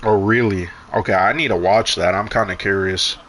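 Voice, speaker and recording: A man's voice: on the low side, fairly even intonation, moderate pace, a bit bright, slight background noise. A young man chatting casually while gaming, telling rambling, profane stories full of restarts and asides. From Canada. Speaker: gaming streamer.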